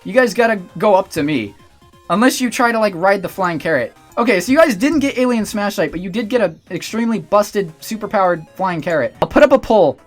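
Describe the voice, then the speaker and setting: A man streaming, chatting excitedly with his viewers as he plays along with a story game. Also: high voice, brisk, faint music behind. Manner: excitable, talks to chat. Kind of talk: casual livestream chat.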